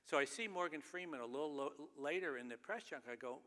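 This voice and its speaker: A man's voice: on the high side, expressive, fast talker, hardly any pauses, pushed and bright. A man giving a humorous speech on stage, telling wry, self-deprecating anecdotes in a loose, chatty way. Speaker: keynote speaker. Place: large theater stage. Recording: long reverb of a large theater.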